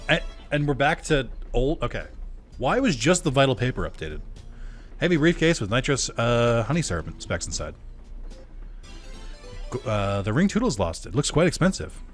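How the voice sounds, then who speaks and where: A man's voice: medium pitch, sing-song, normal speed, pauses often, soft background music. A young man casually commenting on his gameplay, rambling and self-deprecating. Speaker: let's play creator.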